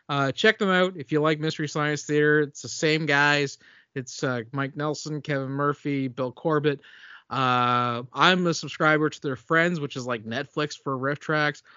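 Bright-voiced rambling podcast host, man. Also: a little high, smooth, no echo, dull audio. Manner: rambling, self-correcting, laughs easily. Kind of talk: casual chat.

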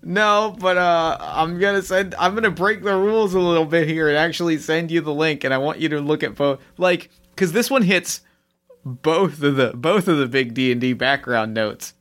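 A man running a tabletop game as game master, relaxed and joking with a player. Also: on the high side, normal speed. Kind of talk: casual tabletop game chat.

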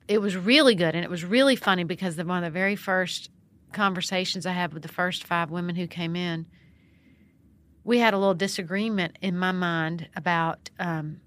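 A middle-aged woman, a founder and priest, telling stories in a conversational interview and acting out what people said. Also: on the low side. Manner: animated, expressive storyteller who acts out quotes. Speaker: guest, nonprofit founder and priest.

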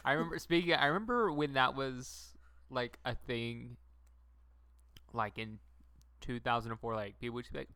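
A man's voice: medium pitch, normal speed, pauses often, bright, forceful tone, smooth, no echo. A man in his twenties co-hosting a podcast, chatting casually, giggling and rambling. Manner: giggly, rambling, drops into silly put-on voices. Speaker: podcast co-host. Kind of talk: casual chat.

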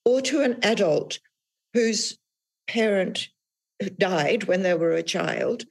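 A woman author as an interview guest, talking thoughtfully about her experiences in a measured, reflective way. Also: mid-range voice, creaky, slightly rough. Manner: thoughtful, measured, with frequent restarts. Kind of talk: reflective podcast conversation.

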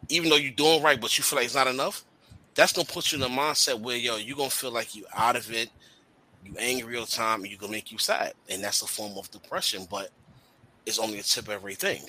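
A man talking in a casual podcast chat, animated and slangy, swearing freely. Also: mid-range voice, slight background noise, rough recording.

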